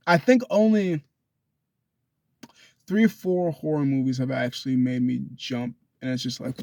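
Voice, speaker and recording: A man's voice: on the high side, sing-song, a little fast, dry recording. A young man rambling through a loose, profane self-recorded monologue into a phone. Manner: loose and profane, drifts between thoughts.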